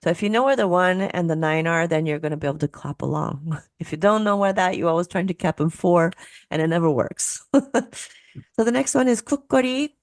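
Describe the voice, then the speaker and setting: A woman's voice: on the low side, a little fast, no echo, clean studio sound. A woman who teaches musicology, giving a lecture over a video call. She explains patiently, counts beats aloud and laughs at her own slips. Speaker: musicology professor presenting.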